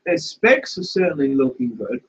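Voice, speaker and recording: A man's voice: mid-range voice, sing-song, moderate pace, fairly bright tone, breathy edge. A man hosting a casual live stream from his home fish room, chatting and thinking aloud while he reads comments. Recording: dull lo-fi stream audio.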